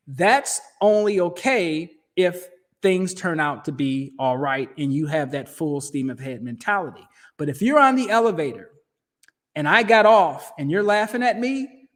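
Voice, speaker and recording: A man's voice: sits high, moderate pace. Emphatic Midwestern man talking finance. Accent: Midwestern American. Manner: conversational and emphatic, with restarts and slang. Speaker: finance show host. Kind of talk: casual commentary over a shared screen.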